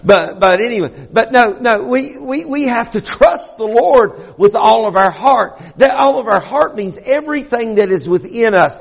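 A man's voice: high-pitched, long reverb tail. A man preaching a sermon, earnest and often repeating himself as he builds a point. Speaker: pastor.

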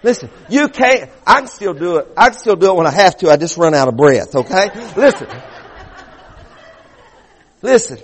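Brief: middle-aged man, pastor, high voice, fervent sermon with stuttering restarts, long church reverb. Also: big pitch swings, moderate pace, pauses often, slightly rough.

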